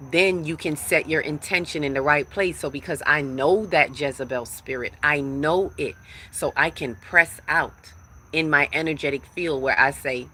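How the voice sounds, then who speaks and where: A woman's voice: low voice, bright, forceful tone, breathy edge. A woman giving a live-streamed spiritual talk, emphatic and repetitive, speaking straight to her viewers. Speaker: livestream spiritual teacher.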